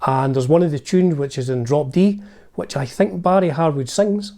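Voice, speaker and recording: A man's voice: fairly high pitch, moderate pace, mellow. A man with a Scottish accent, hosting his music channel and narrating a band's history in a chatty, enthusiastic way with asides.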